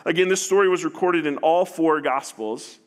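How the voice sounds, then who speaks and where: High-voiced man preaching a sermon. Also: moderate pace. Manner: earnest, with repeated restarts and acted-out paraphrases. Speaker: pastor.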